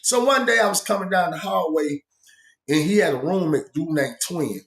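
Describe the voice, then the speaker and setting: Man telling his own story in loose slang with lots of asides; a bit high-pitched, roomy sound. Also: lively intonation, moderate pace, fairly bright tone. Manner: rambling, slang-heavy, many asides. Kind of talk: casual spoken storytelling. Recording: echoey room.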